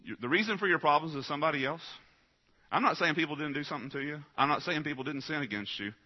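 A man's voice: on the high side, quick pace. A man preaching a sermon, direct and emphatic, often putting questions to his listeners. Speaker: pastor. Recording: dull lo-fi recording.

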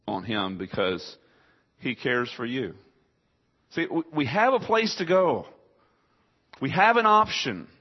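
Male pastor, mid-pitched, conversational sermon delivery, lo-fi recording. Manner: conversational preaching, rhetorical questions, voices listeners' objections.

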